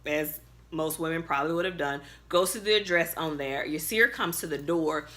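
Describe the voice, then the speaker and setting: A woman's voice: sits low, normal speed, fairly bright tone. A woman in her bedroom recapping a TV episode to camera, chatty, with many fillers, getting worked up. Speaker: TV recap vlogger. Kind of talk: casual recap talk to camera.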